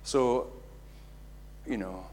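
Animated preacher man. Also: lowish voice, very slow, slight background noise. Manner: animated, acts out quotes with big swings in loudness. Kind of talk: sermon.

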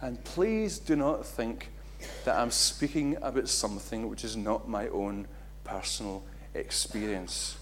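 A middle-aged man preaching a sermon, acting out quotes with big jumps in loudness and pitch. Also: a little slow, few pauses, slight background noise. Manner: animated, acts out quotes with big swings in loudness.

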